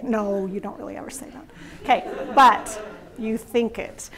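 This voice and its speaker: A middle-aged woman presents a parenting workshop to a live audience. Her voice sits a little high, and she tells her stories with lots of animation and frequent laughter. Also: measured pace. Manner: animated storytelling, laughs often.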